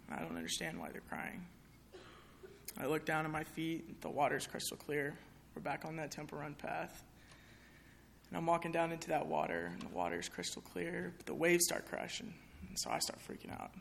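A woman's voice: deep voice, creaky, a little hiss or hum. A young woman speaking candidly to an audience in a chapel, sharing a personal testimony in a conversational way with many fillers.

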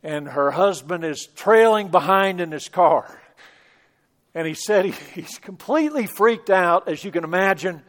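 A man's voice: high-pitched, expressive, a little slow. A middle-aged man telling a personal story in a chapel devotional talk, earnest, with small restarts. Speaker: preacher.

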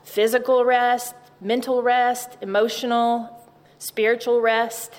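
A woman giving a gentle, reflective devotional chapel talk, repeating her key words. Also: fairly high pitch, level tone, takes it slowly, big-room sound. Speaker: chapel speaker.

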